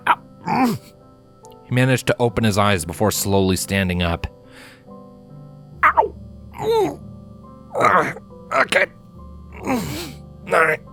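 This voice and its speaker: A man voicing a young human man who acts as a caring but stern father, firm and deliberate in his speech. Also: sits low, fairly bright tone, full character voice. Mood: pained.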